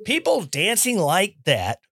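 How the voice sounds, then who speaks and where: A man giving opinion commentary in an animated, sarcastic rant, mimicking people he mocks. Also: sits high, unhurried, husky. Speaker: commentary host.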